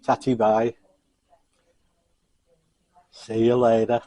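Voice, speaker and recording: A man's voice: medium pitch, monotone, drawn-out words, dark tone. A man chatting casually in a home cooking vlog, self-mocking and chuckling as he tries his food. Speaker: cooking vlogger.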